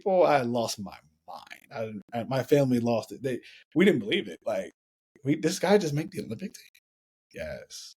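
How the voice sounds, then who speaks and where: A man in his thirties from the United States, a podcast guest telling a story in an animated way, often repeating and restarting his phrases. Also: fairly high pitch. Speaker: podcast guest, former Olympic hurdler. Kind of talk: storytelling in a conversational interview.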